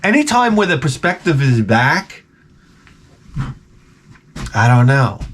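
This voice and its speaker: Excitable profane middle-aged man rambling. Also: medium pitch, slow, slight background noise. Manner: excitable, profane, jokey, with sudden loud exclamations. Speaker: video game vlogger. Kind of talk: rambling casual storytelling.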